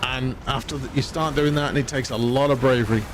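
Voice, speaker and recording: A man's voice: mid-range voice, steady tone, a little fast, background noise. A man streaming a video game live, chatting casually in a rambling way and laughing at himself. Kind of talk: casual live-stream chat while gaming.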